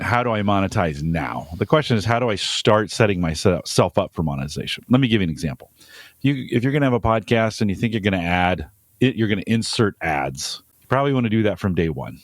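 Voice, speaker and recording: A man co-hosting a podcast, speaking in a lowish voice with measured, practical advice. He often repeats a word as he gathers his thought. The sound is dry and close, with no room around it. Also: no room sound. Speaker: podcast co-host. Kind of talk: casual podcast chat.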